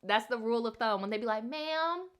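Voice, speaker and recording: A woman's voice: on the high side, flat delivery, very fast. A woman hosting a casual livestream storytime, reading viewer stories and adding sassy, profane, slang-filled commentary.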